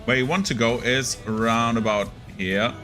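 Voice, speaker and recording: A young gaming streamer talks casually over his gameplay, rambling and chatty with lots of filler words. His mid-range voice is steady and fairly bright at a normal speed, with soft music in the background.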